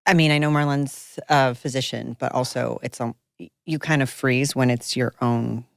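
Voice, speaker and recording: Very low, gravelly-voiced woman. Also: fairly even intonation, moderate pace, no echo. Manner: supportive, quiet backchannels. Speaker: guest, lifelong best friend. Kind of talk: casual chat.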